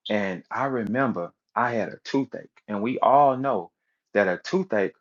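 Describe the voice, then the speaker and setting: A man's voice: fairly low pitch, a little slow, dull audio. A man giving a casual, emphatic rant as a commentator, repeating words and acting out the people he quotes. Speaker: battle rap commentator.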